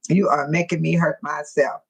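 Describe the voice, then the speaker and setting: A woman's voice: low-pitched, little pitch movement, normal speed, vocal fry, husky, low-quality recording. A woman hosting a casual live stream, greeting viewers by name and reading out their comments, often laughing and teasing.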